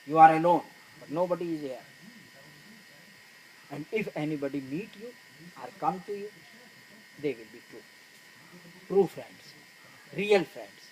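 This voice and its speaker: A man's voice: a little high, darkish tone, slight background noise, rough recording. A man, not a native English speaker, gives a spiritual talk in broken English, retelling a film story and quoting its characters to meditation students. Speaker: spiritual teacher. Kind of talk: spoken discourse to meditation students.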